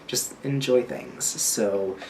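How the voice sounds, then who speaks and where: This young American travel vlogger has a medium-pitched voice with vocal fry and speaks slowly. He rambles and laughs frequently while holding the camera, and the recording carries loud background noise.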